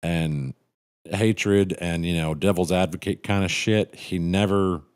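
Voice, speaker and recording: A man's voice: low-pitched, fairly even intonation, a little slow, clear, resonant tone. A middle-aged man hosting a casual livestream, rambling and cynical, swearing freely and restarting his sentences as he reads chat. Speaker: livestream host reading chat.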